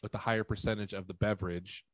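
Low voice dude on a podcast, jokey and emphatic, dry sound. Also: male voice, flat delivery, fast, no room sound. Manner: joking, emphatic storyteller. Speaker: podcast co-host. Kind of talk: casual chat.

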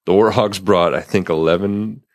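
A man co-hosting a casual chat, telling stories in a relaxed way and laughing often. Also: sits low, normal speed, no room sound, clean studio sound. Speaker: podcast co-host.

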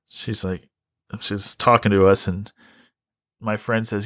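A man's voice: on the low side, flat delivery, slow pace, pauses often, fairly bright tone, no room sound, studio quality. A man hosting a comedy podcast, ranting in a rambling, profane way with many restarts. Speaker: podcast host. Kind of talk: casual comedic rant.

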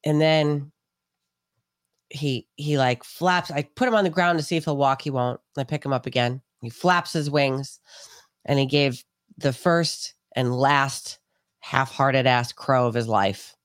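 Low-voiced woman telling a profane story. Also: a little slow, no echo, clean studio sound. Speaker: podcast co-host. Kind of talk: casual storytelling chat.

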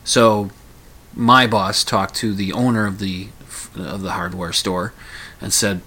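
A man's voice: on the low side, steady tone, slow pace, pushed and bright, husky. A middle-aged man rambling through a casual personal monologue, full of fillers, restarts and dry humor.

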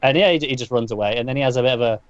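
A man's voice: mid-range voice, very fast, no echo, lo-fi sound. A man co-hosting a podcast, casually recapping a story at length with frequent restarts and repeated words. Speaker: comic book podcast co-host.

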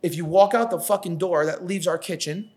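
A man's voice: high-pitched, fairly quick, slightly rough. A man in his thirties, a catering business owner, telling stories in a casual podcast chat, swearing often and acting out quotes. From New York. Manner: profane, animated storytelling, acts out quotes.

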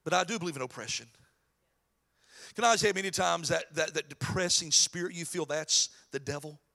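A man preaching a sermon as pastor, mixing animated preaching with folksy storytelling and joking asides. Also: on the high side, normal speed, gravelly. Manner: animated preaching, voice rising in emphasis.

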